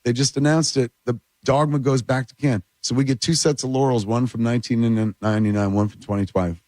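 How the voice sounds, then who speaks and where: A man, a filmmaker guest telling animated, rambling stories in a casual studio chat. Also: medium pitch, fast, dry recording. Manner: animated, rambling anecdotes with lots of "like" and "dude". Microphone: radio studio mic.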